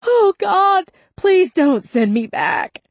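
Woman voicing a raspy, panicky male ex-con. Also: on the low side, animated, unhurried, mellow, no echo, exaggerated voice. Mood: panicked begging. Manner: pleading, screaming in panic. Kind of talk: audiobook character voice.

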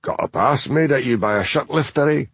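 A man's voice: medium pitch, expressive, fairly quick, fairly bright tone, slightly rough, no echo, voice pushed up. A man voicing a bullying, hard-drinking Scottish detective chief inspector who blusters and threatens. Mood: blustering.

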